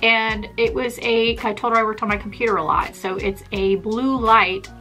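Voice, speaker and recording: A young adult woman, a makeup artist, chatting casually and fast in her vlog. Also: on the high side, steady tone, bright, forceful tone, soft background music. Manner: chatty, bubbly, fast-talking.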